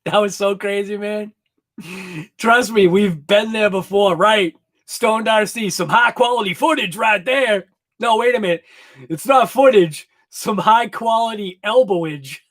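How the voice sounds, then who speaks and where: A man hosting a live hobby show, chatting casually with viewers in a rambling, excited way and laughing often. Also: sits high, unhurried. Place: home garage workshop.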